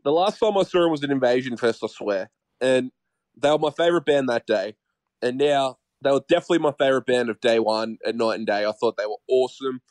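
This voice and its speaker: A man co-hosting a podcast in casual chat, excitable and swearing, often calling his co-host by name. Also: medium pitch, quick pace, no room sound.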